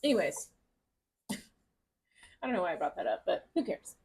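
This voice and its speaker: A woman's voice: fairly low pitch, lively intonation, brisk, creaky, darkish tone, slightly rough. Gushing, chatty woman tarot reader. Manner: gushing, chatty and encouraging, with casual swearing. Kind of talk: casual tarot reading to camera.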